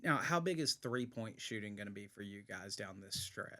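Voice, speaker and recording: A man's voice: lowish voice, animated, normal speed, sharp tone. Friendly male sports show host. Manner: conversational, asks questions in a friendly way. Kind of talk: casual sports interview.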